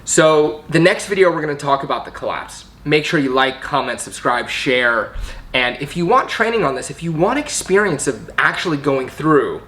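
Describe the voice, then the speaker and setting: A man's voice: fairly high pitch, expressive, moderate pace, sharp tone. A man teaching a coaching method, explaining step by step and often checking in with "right?". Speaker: coaching trainer. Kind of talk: teaching video.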